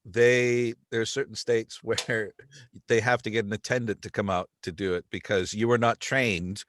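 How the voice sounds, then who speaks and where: A man from Canada, now based in the UK, hosting a podcast in a casual, animated chat, often slipping into playful mock accents. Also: fairly low pitch, moderate pace, no room sound. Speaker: podcast host.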